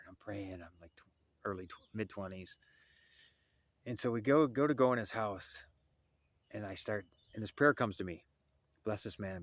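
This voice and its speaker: A man telling a personal spiritual story casually, rambling and repeating phrases, at times murmuring a prayer. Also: lowish voice.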